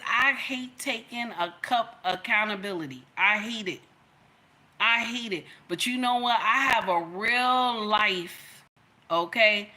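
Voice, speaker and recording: A woman's voice: medium pitch, sharp tone. A middle-aged woman hosting a livestream, giving emphatic, sermon-like relationship advice straight to her viewers. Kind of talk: preachy livestream talk.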